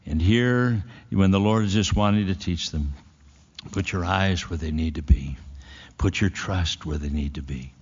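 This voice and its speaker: Brief: low, husky male preacher, folksy sermon delivery, dull lo-fi church hall with long reverb. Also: measured pace, darkish tone. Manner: folksy storytelling, rising to emphatic. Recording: dull echoey hall recording.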